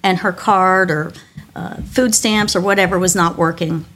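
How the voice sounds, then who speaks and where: A woman's voice: lowish voice, fairly even intonation, normal speed, fairly bright tone, slight background noise. A middle-aged woman pastor giving a devotional talk, telling personal stories in a candid, self-deprecating way with small restarts.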